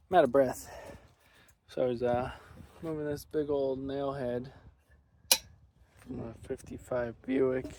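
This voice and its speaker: A man's voice: medium pitch, mellow. A man filming his own mechanic work vlog, talking plainly and thinking aloud as he works outdoors in a yard. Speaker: mechanic vlogger. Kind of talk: casual self-filmed work vlog. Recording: noisy outdoor ambience.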